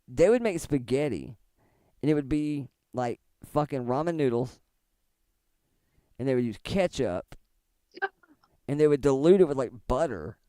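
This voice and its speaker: A man cohosting a casual stream chat, telling loud, profane stories and dropping into high mocking voices. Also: clean tone, no echo, studio quality. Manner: loud, swearing storyteller who jumps into high mocking voices. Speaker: stream co-host.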